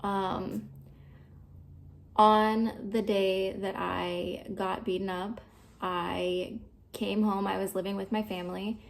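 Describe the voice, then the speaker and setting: Gravelly young woman telling her story. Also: mid-range voice, little pitch movement, takes it slowly. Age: 20s. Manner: candid, swears freely, frequent fillers. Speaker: vlogger. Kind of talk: personal storytelling to camera.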